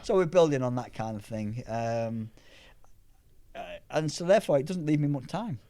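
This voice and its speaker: A middle-aged Englishman chatting as an interview guest, his voice sitting at an ordinary middle pitch. He tells long, lively anecdotes, stumbling and restarting as he goes. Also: normal speed. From England. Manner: rambling, animated anecdotes with restarts. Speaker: powerlifter guest. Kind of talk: casual storytelling chat.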